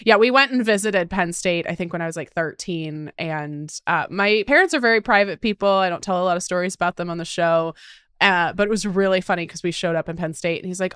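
A woman hosts a relaxed podcast conversation with a smooth, clear voice recorded close and dry. She rambles through stories, laughs often and drops the odd curse word. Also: medium pitch, brisk, no room sound. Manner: chatty, laughs often, swears casually. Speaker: podcast host. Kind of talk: casual chat.

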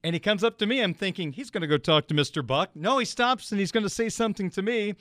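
A sports radio host man telling a story on air with lively, animated delivery. His voice sits a touch high and comes through crisp and smooth. The studio sound is close and dry. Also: fast talker, no echo. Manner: animated, quotes voices with big pitch jumps. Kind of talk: casual radio monologue, personal anecdote.

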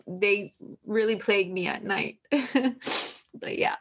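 A woman's voice: mid-range voice, takes it slowly, long pauses, fairly bright tone. A woman author, a guest on a podcast, talking openly and candidly about her feelings. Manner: open and emotionally candid. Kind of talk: candid interview talk.

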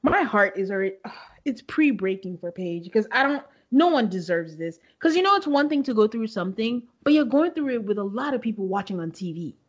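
A young woman co-hosting a podcast, recapping a reality show in a casual, animated way and acting out quotes with laughs. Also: mid-range voice, fairly quick, muffled recording. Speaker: podcast co-host.

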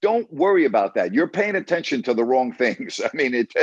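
A man's voice: medium pitch, very animated, fairly quick, breathy edge, no room sound, dull audio. A man hosting a call-in sports radio show, blunt and emphatic, who keeps repeating himself to press his point.

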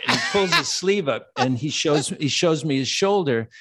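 An older man spins a rambling, lively anecdote in a podcast interview and slips into the voices of the people in it. His voice is mid-pitched and the studio sound is dry and close. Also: moderate pace, hardly any pauses, husky, dry recording. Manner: animated anecdote teller, acts out quoted voices. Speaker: guest actor.

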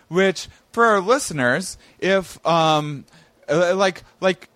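A man with a fairly high voice tells a story in a loose, casual way. He gets animated and jumps up high when he quotes people. The sound is dry and close. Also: unhurried, no echo. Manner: animated, swings to high excited tones when quoting. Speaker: podcast guest telling a story.

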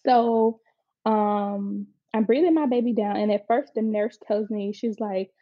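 A woman's voice: mid-range voice, a little slow, no room sound. A young adult woman casually telling a personal story, chatty and frank, often acting out what people said. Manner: chatty, frank, quotes people in lively voices. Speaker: mother telling her birth story. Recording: slightly dull, dry lo-fi recording.

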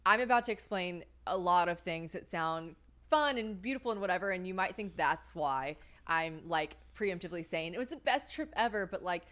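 A woman's voice: fairly low pitch, animated, normal speed, a bit bright. A young woman co-hosting a podcast in casual chat, rambling, swearing freely and laughing often. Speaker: podcast co-host.

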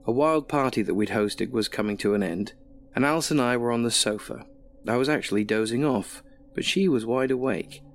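A man narrates a horror story in the first person, measured and wry. His voice sits at a middling pitch, with faint noise behind.

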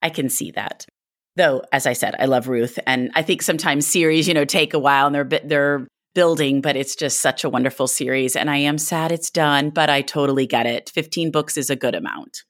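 Low-voiced woman interviewer, dry sound. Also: brisk, dry recording. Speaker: interviewer host. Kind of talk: casual interview chat.

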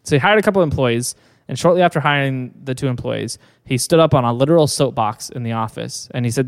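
A man's voice: medium pitch, fast. Guy on a podcast telling a story, lots of ums and likes, reverb tail. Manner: rambling storyteller with fillers and laughs. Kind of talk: casual chat.

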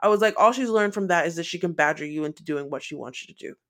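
A woman co-hosting a podcast, chatting casually and giving animated opinions, often with laughter. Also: fairly low pitch, fast talker. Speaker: podcast co-host.

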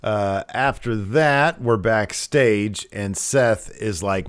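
On a casual recap podcast, a male co-host tells animated stories, acting out the lines of the people he quotes. His low voice moves slowly and smoothly with few pauses, recorded at studio quality without echo.

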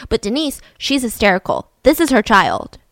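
A young adult woman hosting a podcast, telling a true story in a casual, animated way and building suspense with frequent asides to her listener. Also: on the high side, normal speed, dry recording, studio quality.

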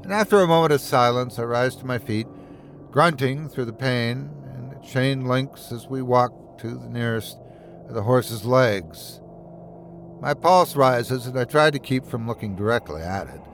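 Male horror narrator, first person, measured and steady, mid pitch. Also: a little hiss or hum.

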